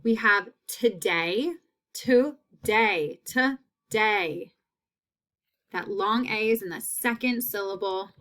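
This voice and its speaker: A woman teacher giving a phonics lesson, repeating each word slowly and clearly. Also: mid-range voice, sharp tone.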